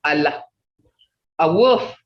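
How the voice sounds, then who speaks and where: Older woman, language teacher, slow and patient, lively pitch, roomy lo-fi call audio. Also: distant mic, a little hiss or hum. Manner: patient, repeats words slowly for learners. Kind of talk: online language class. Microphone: video call.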